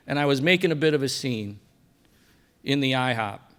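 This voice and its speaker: A middle-aged man giving a personal faith testimony at a breakfast event, telling his story and dropping quiet for quoted lines. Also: medium pitch, moderate pace, long pauses, smooth. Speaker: guest speaker sharing testimony. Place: banquet hall at a breakfast event.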